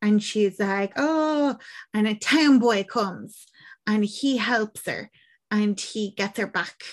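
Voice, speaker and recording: An Irish woman chatting casually, telling a film's story in an animated way with lots of fillers. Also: mid-range voice, slow. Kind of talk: casual film recap chat.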